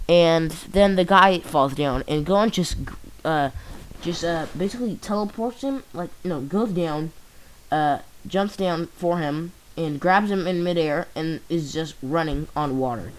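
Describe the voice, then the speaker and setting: A man casually retelling a fan story, rambling and halting, full of fillers and restarts. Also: a little high, rough recording. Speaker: channel host.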